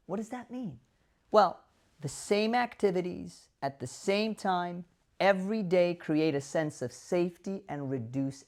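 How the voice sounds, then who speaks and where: Man, doctor talking straight to camera, animated, rhetorical questions, caregiving advice. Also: a little high. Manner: animated, acts out quoted voices, asks rhetorical questions. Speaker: dementia care doctor.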